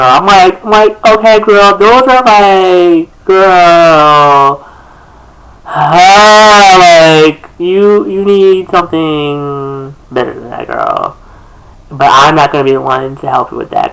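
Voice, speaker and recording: A young man with a notably high speaking voice chats straight into his camera. He rambles sassily through his own lyrics, calling people girl and restarting his sentences. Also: a bit bright, low-quality recording. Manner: sassy and chatty, calls people girl, many restarts. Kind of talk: casual rambling commentary to camera. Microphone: camera facing him.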